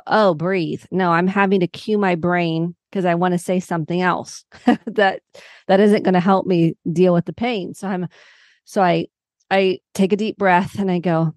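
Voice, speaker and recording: A woman guest who works as a psychotherapist, telling a personal story in lively conversational talk and acting out the people she quotes. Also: on the low side, no echo, studio quality. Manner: animated, warm storyteller who acts out quotes.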